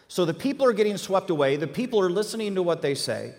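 Lively man leading a Bible class. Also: high-pitched, fast talker, hardly any pauses, long reverb tail. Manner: animated, asks the class questions. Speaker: Bible teacher.

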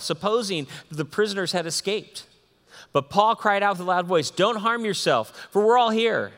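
A man preaches to a congregation, his voice sitting a little high and ringing through a long hall reverb. He reads scripture aloud and breaks off to talk with the crowd. His delivery swings from excited peaks to soft, hushed asides. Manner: animated, swings between loud excitement and soft hushed tones. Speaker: pastor. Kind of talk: sermon with scripture reading.

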